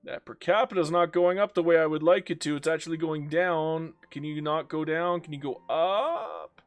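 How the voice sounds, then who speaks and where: A man's voice: fairly high pitch, fairly even intonation, normal speed, faint music behind. A young man commenting on his own strategy game during a long live stream, talking to himself and the game, groaning and joking, worn out after many hours of play.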